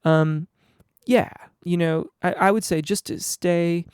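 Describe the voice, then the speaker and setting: A male singing teacher answering viewer questions live, a bit under the weather, explaining in a relaxed way with frequent ums and restarts. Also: a little high, takes it slowly, clear, resonant tone, no room sound, clean studio sound. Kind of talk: live Q&A on voice technique.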